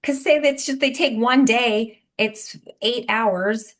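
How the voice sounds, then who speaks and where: A woman co-hosting a podcast in casual chat, telling stories in a lively, chatty way with lots of "like". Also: on the high side, takes it slowly. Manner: chatty, animated storytelling with lots of "like". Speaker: podcast co-host.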